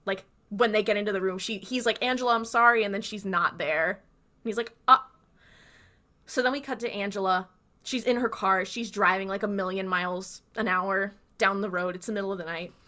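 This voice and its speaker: Recapping scenes in a casual podcast chat, this young co-host voices the characters' lines herself. She speaks in a mid-range voice with a sharp tone.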